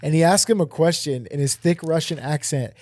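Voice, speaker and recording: A man's voice: a little high, a little fast, darkish tone, dry recording, clean studio sound. A man hosting a casual podcast chat about fights, laid-back, swearing and laughing freely. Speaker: podcast host and MMA coach.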